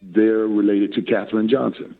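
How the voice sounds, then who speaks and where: A man in his sixties, a musician guest in a casual interview, talking in an animated, playful way and acting out both sides of a conversation in a gravelly, husky voice. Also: on the low side, moderate pace, narrow, tinny audio, soft background music. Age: 60s.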